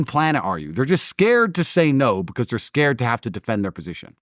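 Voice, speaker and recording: A man's voice: mid-range voice, normal speed, dry recording, studio quality. A man in a casual conversation, telling stories in a blunt, combative way. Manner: animated storytelling, blunt and combative. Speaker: interview host.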